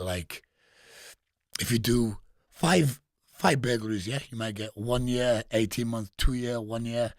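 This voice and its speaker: A man's voice: lowish voice, no echo, clean studio sound. A man with a Geordie accent telling prison stories as a podcast guest, blunt and full of swearing, laughing at his own tales. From England. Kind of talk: storytelling in casual interview.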